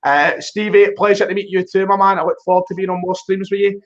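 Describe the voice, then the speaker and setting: Man, rapid and animated football-fan guest, dull call audio. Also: high-pitched. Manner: animated, self-mocking. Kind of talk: casual football chat. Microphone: online voice call.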